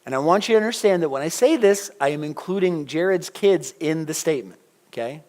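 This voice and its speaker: A middle-aged man preaching a sermon in a church, conversational and animated, putting questions to the congregation. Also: fairly high pitch, fairly quick. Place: church sanctuary.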